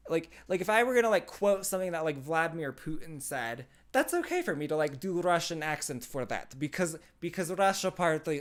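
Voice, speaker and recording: A man hosting a casual livestream, reading out chat and reacting sarcastically, laughing and repeating himself. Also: fairly high pitch. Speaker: streamer host reading chat. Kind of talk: casual live-stream commentary.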